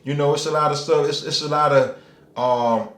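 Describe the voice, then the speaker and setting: Atlanta guy with a high voice riffing casually on his channel, cussing a lot, lots of "you know what i'm saying", echoey room. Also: steady tone, moderate pace. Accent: Atlanta Southern. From Atlanta, Georgia. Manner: loose, profane street talk with many "you know what I'm saying" fillers; acts out quoted people. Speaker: channel host. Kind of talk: casual monologue.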